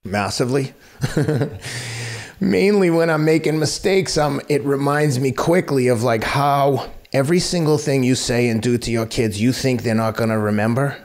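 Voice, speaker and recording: A man's voice: mid-range voice, moderate pace. A man in his fifties, a podcast guest, talking candidly and bluntly and swearing freely. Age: 50s. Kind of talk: casual interview talk.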